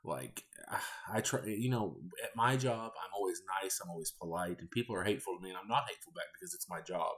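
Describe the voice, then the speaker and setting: A man in his thirties, a podcast host, telling candid stories in a casual, rambling, deadpan way. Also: deep voice, fairly quick, hardly any pauses. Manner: candid, rambling, deadpan about odd customers. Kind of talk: casual storytelling monologue.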